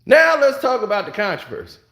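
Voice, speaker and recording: A man with a high, lively voice rants about a TV series at an unhurried pace, laughing often and slipping into other people's voices. His voice rings out in an echoey room. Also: creaky. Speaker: TV review vlogger. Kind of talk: casual comedic review rant.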